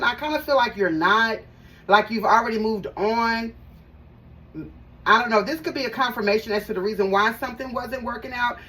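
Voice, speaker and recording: A woman's voice: fairly high pitch, a bit bright. Chatty woman reading tarot, slightly distant mic. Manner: chatty, emphatic, repeats phrases, talks straight to viewers. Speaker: tarot reader. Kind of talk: casual live tarot reading to viewers. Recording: voice a bit far from the mic, faint background noise.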